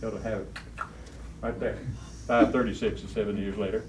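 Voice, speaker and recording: A man's voice: lowish voice, level tone, a little fast. A man teaching a Bible study class, quizzing the students and repeating key phrases with emphasis. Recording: roomy, distant, faint room noise.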